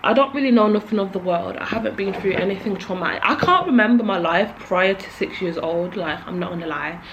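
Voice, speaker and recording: A woman's voice: mid-range voice, a little fast, a little hiss or hum, poor audio. Nervous young woman. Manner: nervous, jittery, emotional, trailing off with many likes. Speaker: beauty vlogger. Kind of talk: casual confessional chat while doing makeup.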